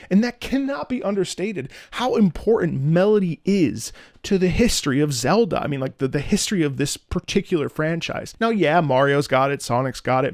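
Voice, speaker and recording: Lively opera singer scatting along to music. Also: male voice, fairly high pitch, no echo, clean studio sound. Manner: enthusiastic, scats melodies aloud, many fillers. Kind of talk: casual music reaction commentary.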